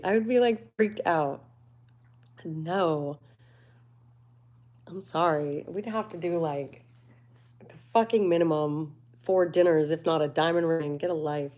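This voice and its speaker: A woman's voice: deep voice, unhurried, pauses often, darkish tone. A woman hosting a casual livestream, chatting candidly and laughing often. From United States. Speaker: livestream host.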